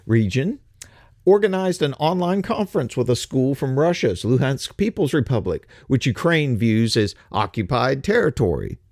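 Older man, sarcastic host, political commentary, lively swooping pitch, dry close sound. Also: normal speed, no room sound. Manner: sarcastic, mocking, repeats words.

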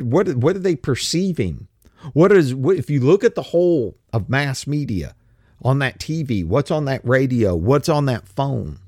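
An older man with a drawl rants bluntly as a show host, swearing freely and firing off rhetorical questions. His pitch swings widely as he talks, and the sound is dry and close with no room around it. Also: darkish tone, no room sound. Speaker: podcast host. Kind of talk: casual rant.

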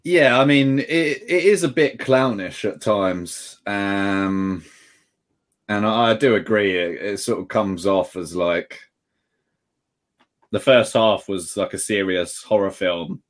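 A man joining a casual film chat, speaking in halting, hesitant phrases. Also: lowish voice. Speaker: panelist.

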